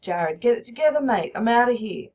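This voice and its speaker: A woman's voice: on the high side, lively intonation, fairly quick, a little mellow, dull audio. A woman reading the lines of a panicky young man who begs his mate in short, repetitive phrases. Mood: pleading.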